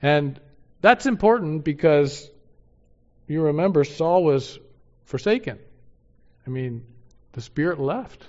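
A man teaching verse by verse through a Bible passage, his voice sitting a little higher than most. He slows down to read scripture with weight and turns to his listeners with rhetorical questions. The recording is muffled and lo-fi. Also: lively intonation. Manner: reads scripture aloud slowly and emphatically, asks the audience rhetorical questions.

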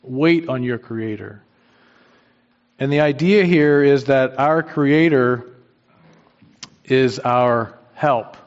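Earnest preacher in a reverberant hall. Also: male voice, mid-range voice, slow, pauses often. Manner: earnest, emphatic repetition of key phrases. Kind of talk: sermon. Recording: dull sound with long hall reverb.

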